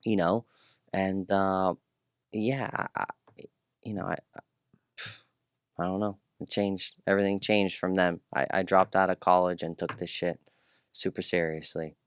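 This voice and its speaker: A man telling his life story in a casual interview, profane and rambling, animated and full of restarts. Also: sits low, unhurried, long pauses, clean tone, no room sound, clean studio sound. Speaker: podcast guest.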